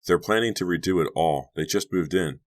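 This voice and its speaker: A man's voice: deep voice, fairly quick, lightly acted. A man voicing a frightened, angry teenage girl babysitter in an audiobook, speaking sharply and insistently. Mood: tense. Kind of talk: audiobook character voice.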